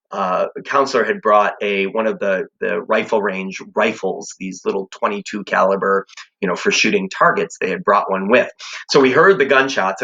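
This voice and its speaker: A man's voice: fairly low pitch, bright, forceful tone, lo-fi sound. A man teaching a class, telling a suspenseful personal story in a conversational way.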